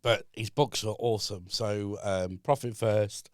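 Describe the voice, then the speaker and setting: A man as a guest on a podcast in a studio, calmly explaining his business ideas with frequent fillers. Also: lowish voice, no room sound. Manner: measured, explaining step by step with many fillers. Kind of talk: casual chat.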